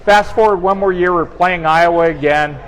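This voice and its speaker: A man telling animated, funny anecdotes in a casual chat, acting out quoted dialogue. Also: high voice, normal speed, poor audio. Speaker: guest storyteller on team talk show. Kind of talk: casual storytelling.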